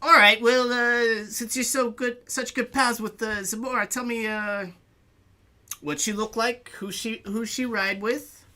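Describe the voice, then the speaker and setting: A man's voice: very high voice, steady tone, a little slow, bright, forceful tone, pitched above the performer's own voice, heavily acted. A man voicing a sarcastic male orc doorman with a clipboard, pushy and mocking. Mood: suspicious.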